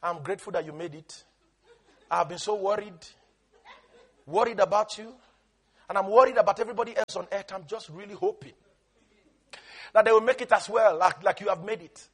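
A preacher putting on a hushed, fretful God. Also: male voice, high-pitched, slightly rough. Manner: hushed, hurried, fretting. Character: anxious fretful male God, worried and pleading.

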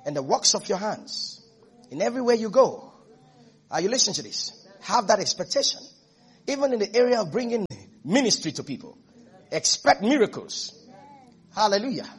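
A man preaching a sermon as pastor, emphatic and repetitive, now and then rising to shouts. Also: high voice, sing-song, normal speed, husky.

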